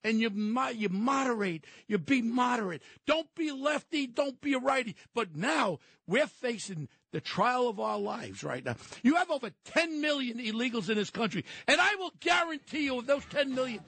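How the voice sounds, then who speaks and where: Guy phoning into talk radio, high bright voice, shouting and ranting, dry sound. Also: sing-song, moderate pace, vocal fry, hardly any pauses, no echo. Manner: impassioned ranting, often shouting. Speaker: regular phone-in guest. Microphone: telephone.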